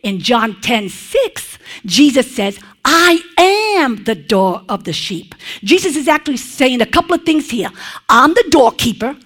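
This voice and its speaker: Expressive woman preacher, fairly high voice. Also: a little slow. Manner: emphatic, expressive, checks in with listeners; conversational asides to congregation. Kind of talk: sermon with prayer.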